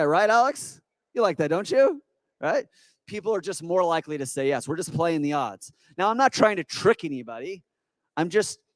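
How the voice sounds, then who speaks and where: A man giving an energetic, persuasive stage talk at a business expo, quizzing the audience with rhetorical questions. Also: on the high side, no room sound. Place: conference hall with audience.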